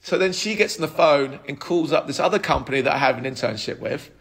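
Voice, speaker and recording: A man in his thirties, a podcast guest telling his life story in an animated way, with frequent restarts. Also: fairly high pitch, quick pace, gravelly, slightly rough. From United Kingdom. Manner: animated, acts out quoted dialogue, frequent restarts. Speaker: podcast guest, app co-founder.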